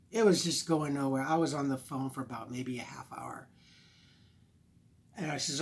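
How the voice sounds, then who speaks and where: A man's voice: medium pitch, normal speed, long pauses. A man telling a personal story to his phone camera, acting out his own exasperated lines as he goes. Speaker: vlogger.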